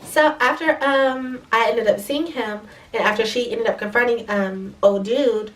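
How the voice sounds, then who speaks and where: A young woman with a stuffy nose tells a story at speed, swearing freely and staying animated the whole way. Her voice sits fairly high, and the mic is a little way off. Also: recorded from a distance. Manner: fast talking, profane, animated. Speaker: vlogger. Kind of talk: casual storytime.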